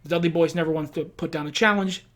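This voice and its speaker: A man's voice: a little high, fast talker. A young man co-hosting a casual comedic chat who recaps a wrestling booking game, laughing often and swearing freely. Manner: animated, swearing, laughs often, acts out quotes.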